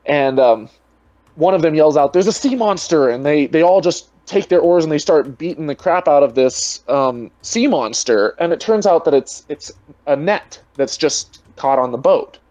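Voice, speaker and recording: A man's voice: a little high, lively intonation, moderate pace, darkish tone, no room sound. Man, guest in an online debate, rambling, lots of fillers, dry muffled call audio. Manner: rambling, heavy on "you know" fillers. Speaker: guest, atheist video creator. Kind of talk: casual online debate chat.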